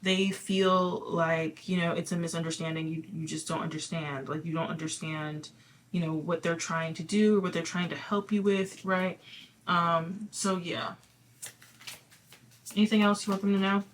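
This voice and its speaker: A woman's voice: fairly low pitch, steady tone, moderate pace, a little hiss or hum. A woman giving a casual spoken card reading to her viewers, chatty and reassuring, full of fillers and small laughs. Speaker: tarot reader.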